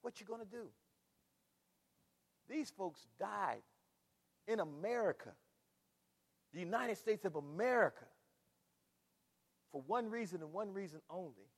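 An older male pastor preaches with a high, lively voice that swings widely as he builds through rhetorical questions and repeated phrases. His words ring out with a long reverb trailing through the church sanctuary. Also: a little slow, pauses often. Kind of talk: sermon.

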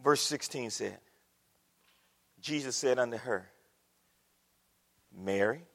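A man preaching a sermon with passion, moving from a soft hush to near shouting. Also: sits high, animated, normal speed. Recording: long hall reverb.

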